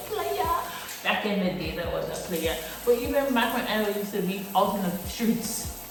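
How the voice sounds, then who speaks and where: Animated young woman chatting in an echoey room. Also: medium pitch. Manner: animated, swearing, laughing often. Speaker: vlogger. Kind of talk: casual chat. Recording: echoey room with faint music.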